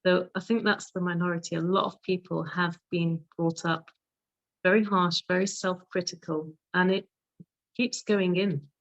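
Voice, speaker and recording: Woman, London accent, hypnotherapist guest, emphatic, low-ish voice, dry close sound. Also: fairly even intonation, moderate pace, dry recording, muffled recording. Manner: emphatic, affirming, speaks with conviction. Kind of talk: casual interview chat.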